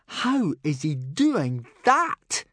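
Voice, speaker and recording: A man's voice: on the high side, wildly swooping pitch, fairly bright tone, dry recording, pitched above the performer's own voice, exaggerated voice. A man voicing a sulky, sly young Viking rival in an audiobook, drawling and grudging. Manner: slow, drawn-out and sulky.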